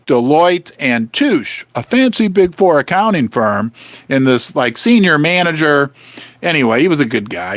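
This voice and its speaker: Animated, chatty man in his fifties. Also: fairly high pitch, no room sound. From Saint Louis, Missouri, USA. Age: 50s. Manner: chatty, excitable, joking, rambling with self-interruptions. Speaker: livestream host. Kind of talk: casual livestream chat. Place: his basement.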